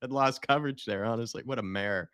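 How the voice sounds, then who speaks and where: A man's voice: medium pitch, fast talker, a bit bright, smooth, no room sound. A man hosting a fan watch-along, reading viewer messages with a chuckle and asking the panel for their take. His voice sits mid-range and sounds close and dry, with no room in it. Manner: laughs while reading viewer comments, asks panel questions. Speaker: stream host reading chat. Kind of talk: casual live-stream chat.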